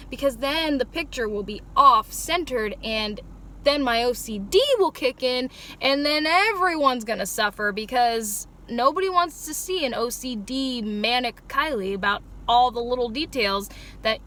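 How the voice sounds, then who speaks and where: A woman's voice: on the high side, bright, forceful tone, a little hiss or hum. A young woman vlogger talking casually to the camera, rambling and joking at her own expense. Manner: chatty, joking, self-mocking.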